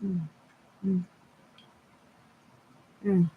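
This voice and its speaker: A woman's voice: deep voice, unhurried, long pauses, a bit bright, slightly rough, low-quality recording. A woman live streamer, stoned, chatting casually to her viewers while eating and talking with her mouth full.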